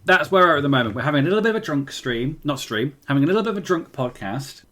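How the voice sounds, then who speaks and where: A man's voice: a little high, animated, very fast, fairly bright tone. Tipsy, giggly man. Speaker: podcast co-host. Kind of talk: casual chat.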